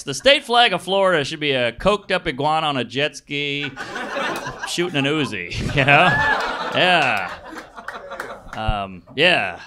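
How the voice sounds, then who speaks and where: A man doing improvised stand-up comedy on a club stage, working the crowd with blunt, crude, self-mocking jokes. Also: on the high side. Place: comedy club stage before a laughing audience. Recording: live club recording with audience noise.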